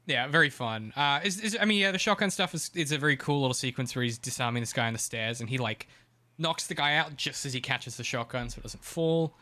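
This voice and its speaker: Bright-voiced chatty podcast man. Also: medium pitch, a little fast. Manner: chatty and profane, with frequent ums. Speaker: podcast co-host. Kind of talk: casual chat.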